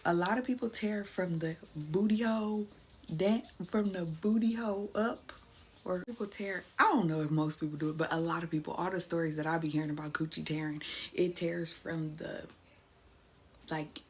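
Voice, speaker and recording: A young woman vlogger telling a story in a casual, animated, blunt way with plenty of swearing. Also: on the low side, slight background noise.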